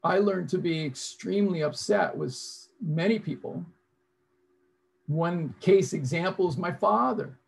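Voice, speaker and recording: A man's voice: high-pitched, unhurried, vocal fry, slight background noise. A man presenting an interactive online seminar over a video call, coaching his audience and repeating his prompts.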